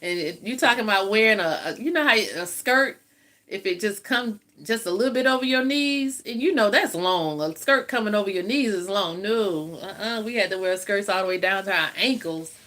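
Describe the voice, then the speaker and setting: Woman, 50s, livestream host; bright, forthright voice, folksy chat with frequent laughs. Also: mid-range voice, normal speed. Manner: chatty, laughs often, folksy storytelling. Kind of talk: casual live chat with viewers.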